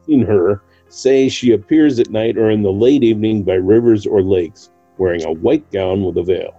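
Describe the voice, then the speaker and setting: A man's voice: fairly low pitch, normal speed, warm tone, no room sound, dull audio, faint music behind. A man co-hosting a podcast, narrating a folk legend in a casual way with occasional laughs. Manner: reads a legend aloud with light laughs. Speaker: podcast co-host.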